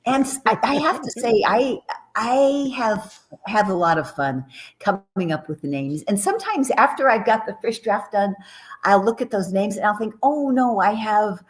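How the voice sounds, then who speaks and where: A chatty woman novelist chats on a radio talk show, her voice rising and falling in lively swings. She keeps restarting her phrases as her thoughts run ahead. Her pitch sits in the middle for a woman. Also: normal speed. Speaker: novelist guest. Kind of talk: casual radio interview.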